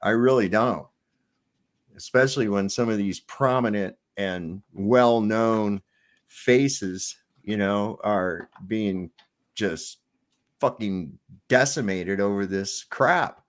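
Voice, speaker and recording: A man's voice: on the low side, slow pace. A man hosting a casual talk show, telling jokes and rambling loosely with plenty of swearing. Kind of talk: casual chat, joke telling.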